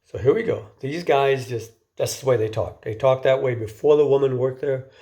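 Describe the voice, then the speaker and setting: This man's voice is mellow, dark in tone, and mid-range, and he moves at a moderate pace through an informal lecture. His chatty delivery often snags on repeated words before carrying on. At times he asks his listeners a question directly.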